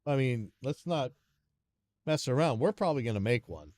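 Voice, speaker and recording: A man's voice: medium pitch, animated, moderate pace, darkish tone. A man hosting a live stream, rambling and muttering to himself in a self-deprecating way as he works through a music session at his computer. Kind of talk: casual thinking-aloud commentary while working.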